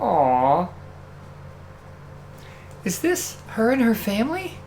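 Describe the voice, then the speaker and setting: A man's voice: high-pitched, huge pitch swings, slow pace, darkish tone, slight background noise. A man co-hosting a let's play, chatting in a teasing, laid-back way. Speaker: co-host. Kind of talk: casual gameplay chat.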